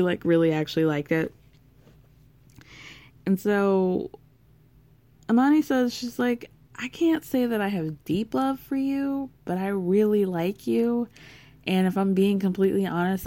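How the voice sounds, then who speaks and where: A woman's voice: lowish voice, warm tone. A woman casually retelling a reality show episode, acting out each person's lines and laughing often. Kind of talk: casual recap chat.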